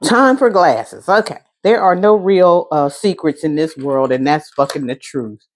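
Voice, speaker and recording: A woman's voice: deep voice, a little slow. A woman doing a casual tarot reading, blunt and full of profanity, talking back to her own remarks. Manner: blunt, profanity-heavy, talks back to herself. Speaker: tarot reader.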